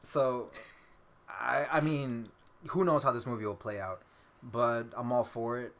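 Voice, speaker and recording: Excited nerdy man chatting. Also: mid-range voice, measured pace. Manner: excited, swearing, acts out quotes with laughs. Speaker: podcast co-host. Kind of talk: casual fan podcast chat.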